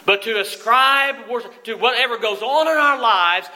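A man's voice: very high-pitched, moderate pace, sharp tone, low-quality recording. A middle-aged man preaching a sermon as pastor, earnest and full of questions to the congregation. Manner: earnest, asks many questions.

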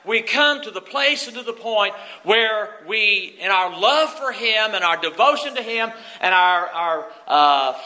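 A man's voice: high-pitched, lively intonation, a little slow, hardly any pauses, pushed and bright, poor audio. A middle-aged man preaching a sermon as pastor, earnest and full of questions to the congregation. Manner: earnest, asks many questions.

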